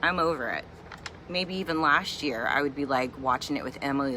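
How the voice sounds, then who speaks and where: A middle-aged mother from Virginia vents in a chatty, humorous home vlog. Her voice sounds bright and a little sharp. She keeps an exasperated, joking tone, and a faint hum sits in the background. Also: low-pitched, brisk. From Virginia, USA. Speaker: vlogger and mother. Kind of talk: casual ranting vlog.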